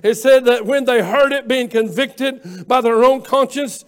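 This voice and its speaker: A man preaching a sermon, fervent, with rising shouts and frequent "uh" fillers. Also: very high-pitched, measured pace.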